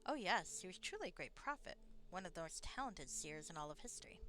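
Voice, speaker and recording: A woman reading the lines of a male scholar from a fantasy computer game, in a calm and informative way, with a bright voice. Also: on the low side, quick pace, a little hiss or hum.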